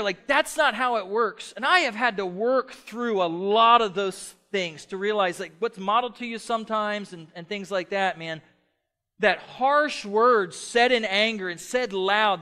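A middle-aged man preaching a sermon as pastor, passionate, shifting between loud emphatic stretches and soft quiet ones. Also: high voice, moderate pace.

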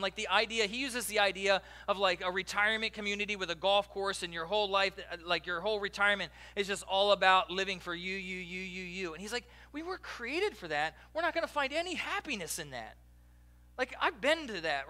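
His voice sitting high, a male pastor delivers a church sermon that's lively and conversational, cracking jokes and speaking directly to the people in the pews.

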